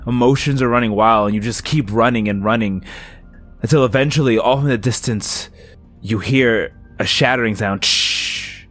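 A man narrating as game master of a tabletop game, slow and atmospheric, with restarts. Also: mid-range voice, soft background music.

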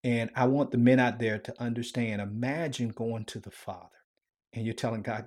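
A man hosting a faith podcast, earnest, often dropping to a hushed tone. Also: medium pitch, steady tone, normal speed. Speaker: podcast host.

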